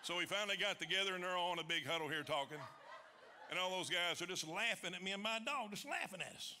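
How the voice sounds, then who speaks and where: A man telling a funny hunting story on stage before a large audience, folksy and animated, loud in the quoted lines. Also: sits high, fast talker, noisy background. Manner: folksy, animated, shouting punchlines in quoted voices. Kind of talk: live comic storytelling.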